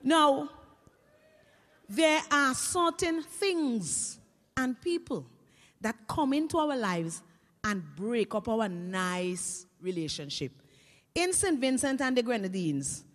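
A woman with a Caribbean Creole accent telling comic stories to an audience in a lively, chatty way, heard with long hall reverb. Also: a little high. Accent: Caribbean English Creole. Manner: lively, chatty, swings between voices. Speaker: storyteller.

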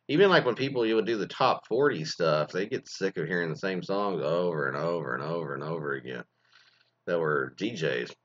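A deep-voiced podcast host offers casual, animated commentary that keeps rambling off on tangents, captured with lo-fi sound.

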